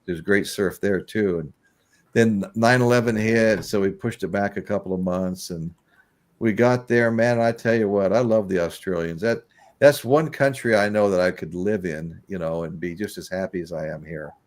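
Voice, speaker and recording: Middle-aged man in a loose, chatty live-stream talk, rambling through stories and laughing as he goes. His voice sits a bit low. He talks with an easy, offhand looseness. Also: normal speed. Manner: rambling storyteller, laughs often. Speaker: host. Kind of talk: casual chat on a live stream.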